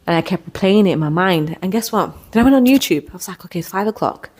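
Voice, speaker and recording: Woman, young adult, podcast host, personal storytelling, earnest, emotional, repeats words, somewhat low voice. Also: lively intonation, fast, darkish tone.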